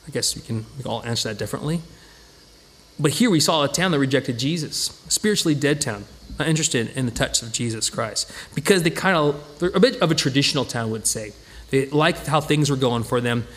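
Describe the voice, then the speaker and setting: A man leading an informal Bible study, talking conversationally with lively acted-out asides and frequent restarts. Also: mid-range voice, brisk. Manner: conversational, animated, acts out quoted voices, many restarts.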